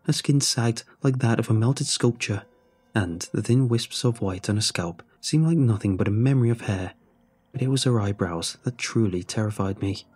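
A man narrating a horror story in a measured, brooding way. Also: lowish voice, a little mellow, husky, soft background music.

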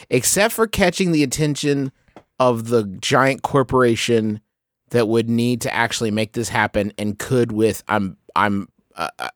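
A man hosts a comedy podcast with his brothers, and his talk rambles along, excitable and full of restarts. His voice sits at an ordinary middle pitch and is recorded close and dry, with no room sound. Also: dry recording. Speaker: podcast host. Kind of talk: casual comedic chat.

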